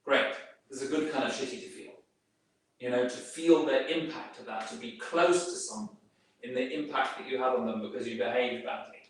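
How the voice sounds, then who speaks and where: A man's voice: medium pitch, normal speed. A man giving an informal talk to a group, rambling through many fillers and restarts. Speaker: speaker giving a workplace talk. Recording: very echoey room, speaker far from mic.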